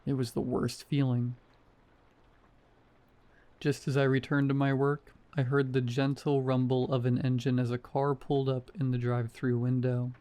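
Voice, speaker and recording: A man reading a scary story aloud in a calm, measured narration style. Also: mid-range voice. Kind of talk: scripted narration.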